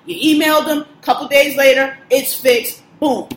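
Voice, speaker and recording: High-voiced woman ranting profanely. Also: fairly even intonation, moderate pace, slight background noise. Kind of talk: casual chat, venting. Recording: echoey room.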